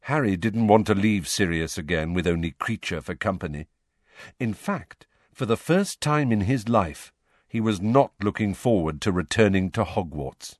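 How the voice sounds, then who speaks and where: Audiobook narrator: man, low voice, animated inflection, dry close recording. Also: no echo. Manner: measured storytelling. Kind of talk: scripted narration.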